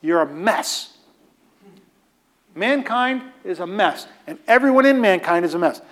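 A man's voice: high voice, expressive, unhurried, a bit bright. A man preaching a teaching sermon in a conversational way, with emphatic repetition and casual asides. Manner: emphatic, repeats phrases for stress.

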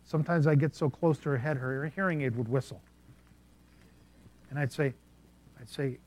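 A man preaching a sermon, telling personal stories with an animated delivery that swings between soft asides and loud bursts. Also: medium pitch, normal speed, pauses often, a little hiss or hum. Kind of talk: sermon storytelling.

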